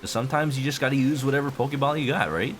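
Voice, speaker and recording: A man's voice: mid-range voice, fast, a bit bright. A man streaming a video game, chatting playfully with his viewers and humming to himself. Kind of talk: casual game commentary. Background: game music.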